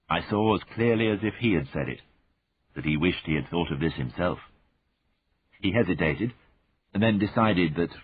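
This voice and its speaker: A male audiobook narrator reading a first-person historical novel in a very low, husky voice. His delivery is measured and watchful, and the sound comes through a narrow, phone-like band.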